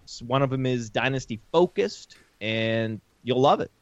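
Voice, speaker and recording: A man appearing as a podcast guest, talking in an excitable, upbeat, salesy way. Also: mid-range voice, normal speed, no room sound, lo-fi sound. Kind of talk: casual podcast chat.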